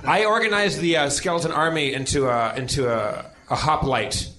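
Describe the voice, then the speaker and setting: Male player, slightly high pitch, halting speech full of restarts. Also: bright, forceful tone. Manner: halting, many filler restarts. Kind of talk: casual tabletop play.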